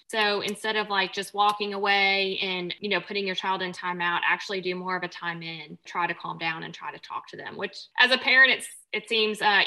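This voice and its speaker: Woman, bright voice, earnest, thoughtful, healthcare worker and mom. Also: lowish voice, rough recording. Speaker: healthcare provider and parent. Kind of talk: conversational interview answers.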